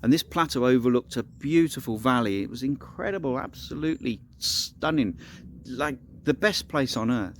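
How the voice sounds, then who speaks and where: A man spinning an improvised tale out loud, casual and rambling, often circling back to restart a sentence. His voice sits at an ordinary middle pitch. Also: animated, normal speed, a little hiss or hum. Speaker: storyteller. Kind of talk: improvised spoken storytelling.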